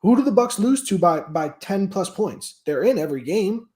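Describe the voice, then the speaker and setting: A man's voice: high voice, expressive, normal speed, a little mellow. A man co-hosting a casual football betting chat, arguing his point insistently. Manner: argumentative, insistent. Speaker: sports betting podcast co-host.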